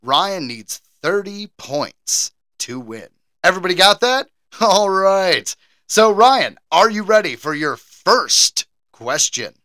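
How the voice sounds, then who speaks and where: A man's voice: high voice, slow, no room sound. A man co-hosting a casual podcast, joking and laughing as he talks and running a movie trivia game. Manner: animated, laughs often, jokey. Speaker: podcast co-host; game show quizmaster.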